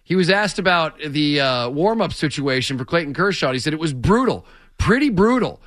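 Wry radio co-host, slightly high voice. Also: male voice, expressive, fairly quick, fairly bright tone, no room sound, clean studio sound. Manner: wry, storytelling, gets worked up. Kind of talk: casual morning sports talk. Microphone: studio mic.

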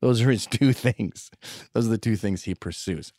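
Low-voiced sardonic man, dry sound. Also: fairly quick, a little mellow, no echo. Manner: profane, sardonic, rambling storytelling. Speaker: podcast host telling stories. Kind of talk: comedic monologue.

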